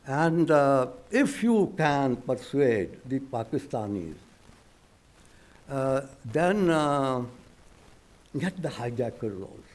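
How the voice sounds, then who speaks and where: An older man with an Indian English accent, a retired diplomat who tells an anecdote on a panel, chuckling, halting and acting out the dialogue he quotes. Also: mid-range voice, lively intonation, darkish tone. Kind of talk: anecdotal storytelling at a panel discussion.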